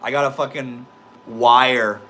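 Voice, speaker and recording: A man's voice: mid-range voice, fairly even intonation, slow, bright, forceful tone. A young man with a slight lisp, talking casually to his livestream chat, laid-back and swearing freely. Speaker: livestream host reading chat.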